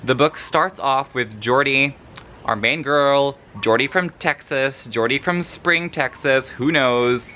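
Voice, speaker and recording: This book vlogger, short on sleep, reacts to what he's reading with casual, profane rambling that's drowsy but animated. He speaks slowly at a medium pitch, and there's a bit of noise in the background.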